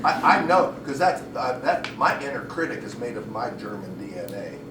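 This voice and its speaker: A man performing live improv comedy, animated and laughing, with some swearing. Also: mid-range voice, normal speed. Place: stage at a comedy festival. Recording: roomy, distant mic, loud crowd noise.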